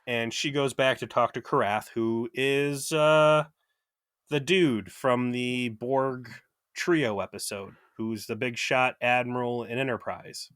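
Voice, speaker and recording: A man's voice: medium pitch, steady tone, slow, a bit bright, clear, resonant tone, no echo, clean studio sound. A young man co-hosting a podcast, recapping an episode in wry, casual chat and swearing freely. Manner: wry, swears freely, acts out quoted lines. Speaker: podcast co-host.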